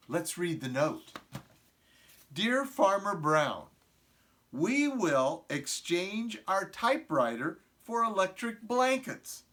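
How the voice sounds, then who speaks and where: A middle-aged man reading a picture book aloud to preschool children, often stopping to ask them questions. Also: high-pitched. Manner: slow, animated, asks the children questions. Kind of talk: storybook read-aloud to young children.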